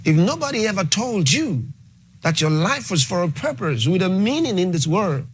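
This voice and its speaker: A man's voice: high-pitched, big pitch swings, normal speed, slight background noise. A male pastor preaching a sermon, emphatic, repeating key phrases and dwelling on exclamations.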